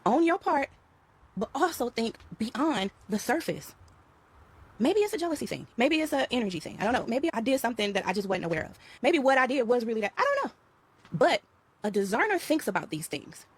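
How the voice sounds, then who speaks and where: A woman's voice: on the high side, sing-song, fairly quick, slightly rough. A middle-aged woman, talking in a casual spiritual vlog, emphatic and repetitive, calling her viewers y'all. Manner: emphatic, repeats phrases, addresses viewers as y'all and child. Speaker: vlogger talking to her followers.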